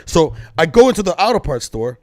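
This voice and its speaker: Animated storytelling man, crisp and close. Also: a little high, brisk, no room sound. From Detroit. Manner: animated, swears often, acts out quotes. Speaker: podcast guest, comedian. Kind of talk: casual storytelling chat.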